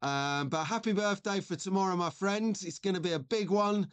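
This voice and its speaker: A man's voice: high voice, normal speed, clear, resonant tone. A man in his forties hosting a live stream, chatting in a rambling way and reading out viewer messages. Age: 40s. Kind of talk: casual live-stream chat.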